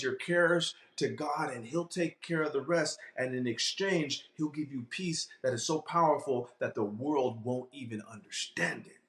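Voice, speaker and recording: A man's voice: fairly high pitch, a bit bright, roomy sound. A man giving a sermon-style teaching in a conversational way, often checking in with the listeners. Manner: conversational, frequent "um" and "okay?". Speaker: professor and speaker.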